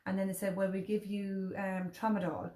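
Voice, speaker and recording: A woman's voice: medium pitch, level tone, normal speed, dark tone, reverberant. A woman in her thirties with an Irish accent, chatting casually and telling a personal story, acting out what others said. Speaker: host. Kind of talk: casual chat.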